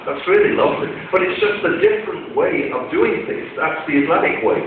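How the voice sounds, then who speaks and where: A man's voice: on the high side, sing-song, a little fast, slight background noise. A man giving an Islamic talk to an audience, telling conversational stories with quoted dialogue, heard in a large hall. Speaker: Islamic lecturer. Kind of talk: storytelling religious talk to an audience. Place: large echoey lecture hall. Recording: tinny, echoey hall recording from far off.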